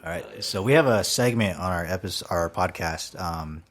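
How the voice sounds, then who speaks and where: A man's voice: sits low, normal speed, a bit bright. A man co-hosting a casual podcast, easygoing, putting questions to the guest. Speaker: podcast co-host.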